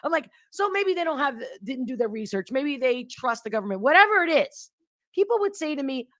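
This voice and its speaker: A woman hosting a casual interview, talking in an animated, emphatic way and acting out the voices of people she quotes. Her voice sits a little high and swings widely in pitch. The sound is dry and close, with no room echo. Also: fairly quick. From grew up in Europe.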